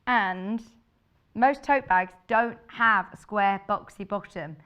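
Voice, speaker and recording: A woman's voice: mid-range voice, takes it slowly, fairly bright tone, clear, resonant tone. Chatty woman presenting sewing kits. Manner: chatty, bubbly, thinks aloud. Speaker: shopping channel presenter. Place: TV studio.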